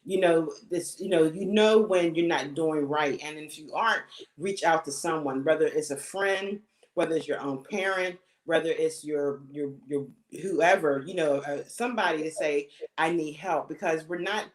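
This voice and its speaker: A woman's voice: deep voice, normal speed. A middle-aged woman on a panel of mothers, giving earnest advice in casual talk and often saying "you know". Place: home, video call. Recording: echoey room.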